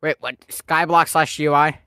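A man's voice: a little high, fairly even intonation, moderate pace, pushed and bright, a little hiss or hum. A man chatting playfully and teasingly while playing a game with friends, laughing often. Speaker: gaming friend. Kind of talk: casual gaming chat.

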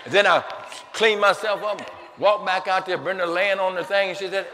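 Bright high-voiced male pastor, hall reverb. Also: steady tone, moderate pace, a faint crowd. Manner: repeats words and restarts, rising to shouts. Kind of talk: storytelling sermon. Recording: long hall reverb, faint noise.

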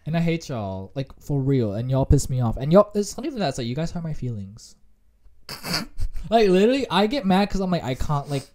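A young adult podcast co-host telling a work story in casual chat, profane and animated, acting out quotes. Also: medium pitch, brisk.

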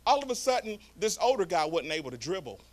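A male pastor, preaching a sermon through animated storytelling. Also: sits high, fast.

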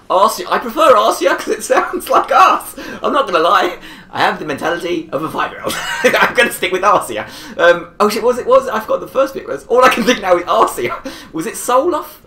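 Gamer rambling through a match, laughs a lot, mid-pitched voice, echoey room. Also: bright, forceful tone. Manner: chatty and rambling, laughs often. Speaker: gameplay commentator. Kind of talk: casual gameplay commentary. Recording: roomy echo.

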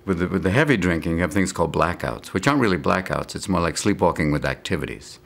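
Comic male guest, riffs loosely, deep-ish gravel, swooping voice. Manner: animated, riffing, slips into quick impressions. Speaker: comedian guest. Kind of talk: interview chat.

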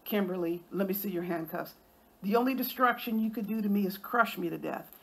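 A woman's voice: medium pitch, brisk, vocal fry, breathy edge. A woman hosting an online commentary show, ranting in an indignant, confrontational way and swearing freely. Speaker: YouTube commentary host.

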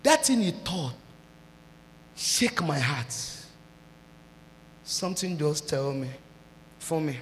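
A Nigerian woman pastor preaching a sermon, breaking into shouted and sung outbursts. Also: sits low, big pitch swings, takes it slowly, pauses often, in a large hall, a little hiss or hum.

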